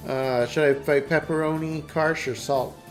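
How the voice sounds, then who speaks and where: A man chatting casually while playing a game, playful with quick reactions. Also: on the high side, steady tone, soft background music. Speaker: game streamer. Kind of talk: casual let's-play chat.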